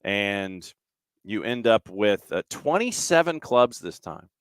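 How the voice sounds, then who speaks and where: A man hosting a podcast who chats casually, reads out listener comments, and rattles off dates and lists at a brisk clip. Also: lowish voice, very animated. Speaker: podcast host. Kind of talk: casual chat and news rundown.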